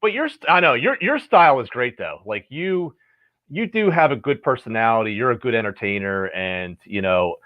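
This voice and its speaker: A man hosting a casual livestream chat, talking in a friendly, halting way with frequent restarts. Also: mid-range voice, big pitch swings, dry recording, highs cut off. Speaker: host.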